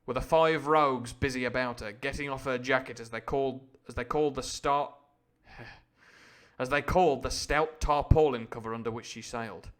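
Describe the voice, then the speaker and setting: A man with a mid-range, somewhat bright voice reads a classic adventure novel on a live stream at a moderate pace. He frequently pauses the reading for playful, irreverent explanations and chatty asides.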